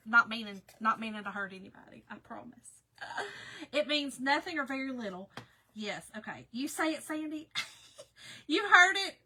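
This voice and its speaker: Chatty Southern woman, bright voice. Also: fairly high pitch. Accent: Southern American. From Southern United States. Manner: chatty, laughs often, greets viewers by name. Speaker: craft livestream host. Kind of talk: casual livestream chat with viewers.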